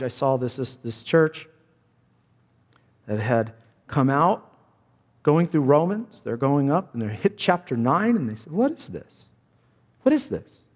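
A man's voice: fairly high pitch, big-room sound. A man preaching a sermon as pastor, earnest and emphatic, repeating his key phrases.

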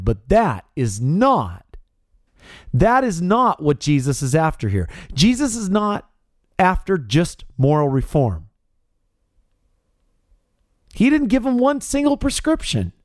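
Emphatic radio pastor, lively pitch. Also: male voice, unhurried, long pauses, no echo, studio quality. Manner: emphatic, rising to stressed peaks. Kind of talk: radio sermon.

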